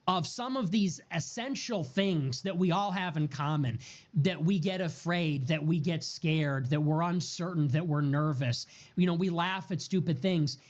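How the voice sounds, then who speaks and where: A man giving a heated political monologue, repeating and stacking words in a building rhythm, with profane outbursts. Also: high-pitched. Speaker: political streamer. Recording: dull lo-fi audio.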